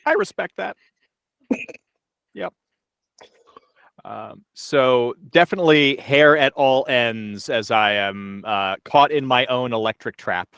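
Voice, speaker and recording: Smooth-voiced, wry man player. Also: medium pitch, slow pace, long pauses, fairly bright tone, dry recording, studio quality. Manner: wry, self-deprecating. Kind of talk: tabletop game play.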